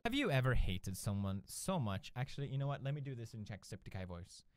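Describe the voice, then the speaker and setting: A man's voice: mid-range voice, sing-song, fairly quick, over loud music. A young man hosting gaming videos, making sarcastic, mocking asides. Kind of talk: gaming commentary.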